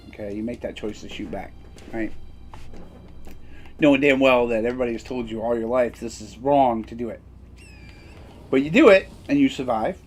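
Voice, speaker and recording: A man's voice: mid-range voice, breathy edge. A man streaming who tells a personal story in a candid, rambling way. He is emphatic and blunt, and keeps checking in with "right?". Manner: candid and blunt, occasional swearing. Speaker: game streamer.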